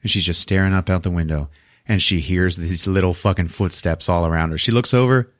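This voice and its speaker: A man hosting a podcast who recaps a horror film in a casual, animated way, laughing often and swearing. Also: low voice, brisk, no room sound, clean studio sound. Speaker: podcast host.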